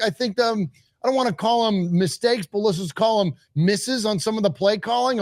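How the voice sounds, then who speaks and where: A man co-hosting a live postgame sports show, talking with emphatic, excited fan energy and sounding out of breath. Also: sits high, dry recording, clean studio sound. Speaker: co-host.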